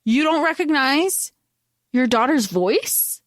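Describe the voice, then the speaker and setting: A woman's voice: high-pitched, slow pace, no room sound, studio quality. A woman co-hosting a podcast, recapping a fantasy novel in casual chat and acting out the characters' lines. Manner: animated, acts out character lines, swears. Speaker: podcast co-host.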